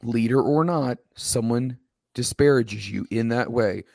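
A middle-aged man asks pointed questions and lays out his reasoning in casual wrestling talk. His voice sits at a middle pitch. The recording is dry and close, with no room sound. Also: unhurried, gravelly, a little mellow, no room sound. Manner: probing, questioning, builds arguments. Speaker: podcast co-host.

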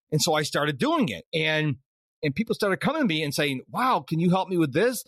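A middle-aged man hosts a podcast in casual conversation. His voice sits fairly high and moves a lot as he acts out the people in his stories. The sound is close and dry. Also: dry recording. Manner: animated storyteller who acts out quoted dialogue. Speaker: podcast host.

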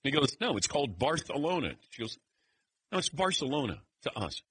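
Animated male sports radio host. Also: medium pitch, fairly quick, slightly rough, rough recording. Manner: animated, laughing storyteller. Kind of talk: casual studio banter.

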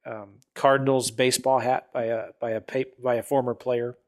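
A man's voice: mid-range voice, flat delivery, moderate pace. A man hosting a casual chat, easygoing and affirming as he shares his own stories.

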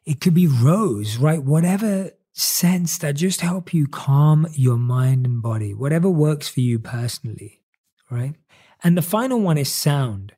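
Earnest male self-help speaker, slightly high, mellow tone, slows down on key words. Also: lively intonation, husky. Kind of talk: motivational monologue to camera.

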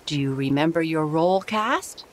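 A woman's voice: low voice, expressive, measured pace, a little hiss or hum. A woman reading a playful fisherman uncle. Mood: cheerful. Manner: gently teasing, storyteller's read dialogue.

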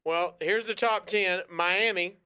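A man's voice: high voice, steady tone, slow, pushed and bright, smooth. A man co-hosting a radio show, chatting casually and joking around, often breaking into silly voices. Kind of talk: casual comedic chat.

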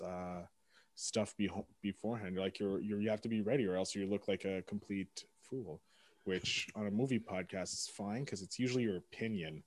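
A man's voice: on the low side, a little mellow, dry recording. A man hosting a casual podcast interview, rambling and self-deprecating, often restarting his sentences. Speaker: podcast host.

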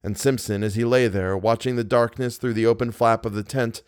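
A man reading a horror story aloud in a measured, grave way. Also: mid-range voice, fairly even intonation, smooth, dry recording, clean studio sound. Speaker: podcast narrator. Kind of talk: scripted narration of a horror story.

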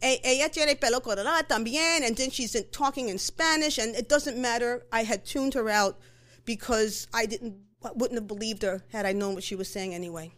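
Animated woman telling a personal story. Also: fairly high pitch, normal speed. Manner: conversational, animated, with fillers and self-corrections.

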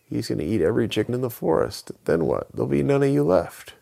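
A man doing a curious, soft-spoken little boy, pitched well above his own deep voice and swinging widely up and down. The boy is gentle and kind, with a gravelly, husky edge still showing through. It is a bedtime storybook voice. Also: big pitch swings, fast, heavily acted.

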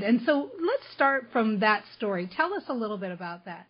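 Upbeat husky woman host. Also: fairly high pitch, very animated, normal speed. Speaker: podcast host. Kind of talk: casual interview chat. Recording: dull lo-fi audio.

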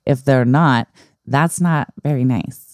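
Podcast co-host, woman, low and smooth, dry close sound, casual and frank. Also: takes it slowly, darkish tone, no room sound. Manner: reads listener letters aloud, frank and casual. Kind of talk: casual advice chat.

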